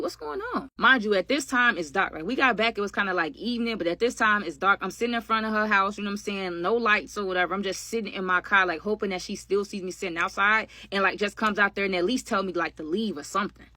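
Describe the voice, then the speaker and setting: A woman's voice: mid-range voice, quick pace, few pauses, bright, forceful tone. A woman telling a storytime tale to her viewers in a chatty, slangy way, calling them y'all, with dry sarcastic asides. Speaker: storytime vlogger. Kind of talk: casual storytime narration.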